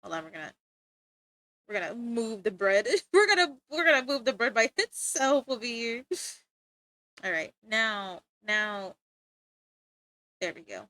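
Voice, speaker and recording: A woman's voice: medium pitch, lively intonation, a little slow, long pauses, bright, forceful tone, dry recording. A woman chatting casually to her viewers while streaming art, bubbly and laughing often. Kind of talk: casual livestream chat.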